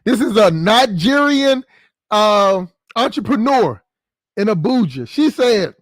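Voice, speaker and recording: A man's voice: high-pitched, very animated, slow pace, dry recording. A man hosting his channel in a casual vlog monologue, rambling and profane, restarting and repeating phrases. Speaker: channel host.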